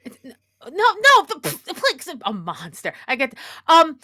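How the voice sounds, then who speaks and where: Flustered, dramatic woman in role-play, very animated delivery, dry close mic. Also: sits high, a little slow, no room sound. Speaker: tabletop game player. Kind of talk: in-character role-play as a radio host.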